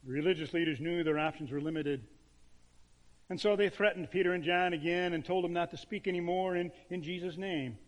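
Brief: male pastor preaching, fairly high voice, long church reverb. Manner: emphatic preaching with dramatic pauses. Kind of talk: sermon.

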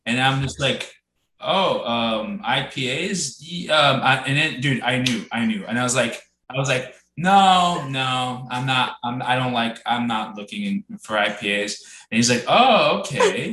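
A man's voice: medium pitch, steady tone, normal speed, hardly any pauses, pushed and bright, roomy sound. A man co-hosting a casual podcast, telling a story with lots of restarts and acted-out quotes. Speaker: podcast co-host.

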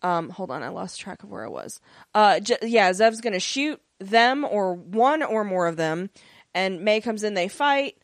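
A woman co-hosting a podcast, chatting casually through an episode recap with lots of fillers and quick acted-out character lines. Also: medium pitch, animated, no room sound, clean studio sound. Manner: rambling, many fillers, acts out character lines. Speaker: podcast co-host.

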